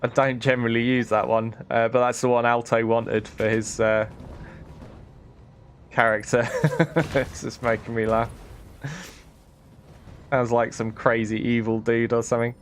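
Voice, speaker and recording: A man's voice: medium pitch, flat delivery, unhurried, long pauses, a little hiss or hum. A man casually commentating on his gameplay, thinking aloud and often chuckling. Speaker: streamer.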